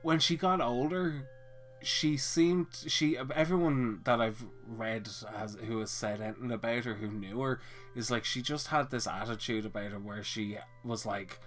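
A man's voice: mid-range voice, fairly even intonation, moderate pace, fairly bright tone, soft background music. A man co-hosting a podcast, talking bluntly with a lot of swearing as he rambles through the topics. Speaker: podcast co-host. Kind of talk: casual chat.

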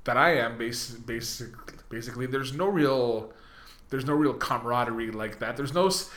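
A man's voice: medium pitch, moderate pace, a bit bright, reverberant. A man chatting casually and reflectively, filling his talk with "you know" and "like". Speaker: podcast guest. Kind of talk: casual chat.

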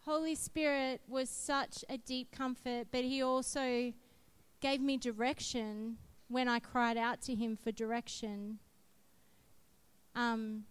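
A woman giving a sermon built around her own testimony, speaking slowly and deliberately. Her voice sits a little high and sounds smooth and clear. She tells her story earnestly and with emphasis. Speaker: preacher sharing testimony.

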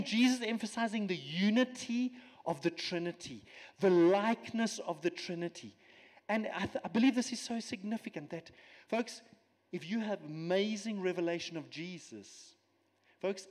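High-voiced man preaching in a reverberant hall. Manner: animated, teaching with props and asides. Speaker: guest preacher. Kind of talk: sermon. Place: church.

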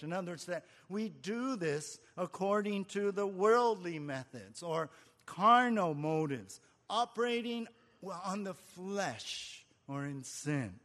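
A man's voice: a little high, fairly bright tone, big-room sound. A man preaching an expository sermon in an earnest, conversational way, asking his listeners rhetorical questions. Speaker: pastor.

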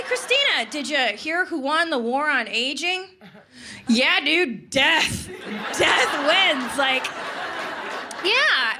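Sarcastic woman stand-up in her thirties. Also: high-pitched. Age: 30s. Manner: chatty, sarcastic, full of "like" and "right?". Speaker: stand-up comedian. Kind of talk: stand-up comedy set. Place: comedy club stage. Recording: live club with audience noise.

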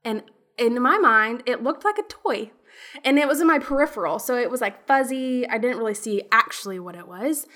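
Bright-voiced young woman hosting a chat. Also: a little high, moderate pace. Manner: lively storyteller, animated retellings. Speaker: podcast host. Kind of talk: casual chat.

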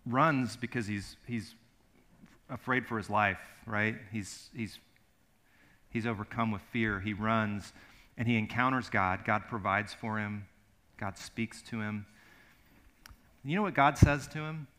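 A man's voice: on the low side, measured pace, long pauses, fairly bright tone. A middle-aged man preaching a sermon as pastor, telling a story earnestly and emphatically, often repeating his words.

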